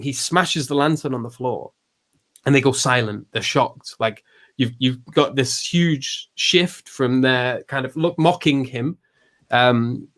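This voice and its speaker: A man hosting a podcast, explaining philosophy in a loose, thinking-aloud way with many restarts and fillers. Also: mid-range voice. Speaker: podcast host. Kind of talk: casual philosophical discussion.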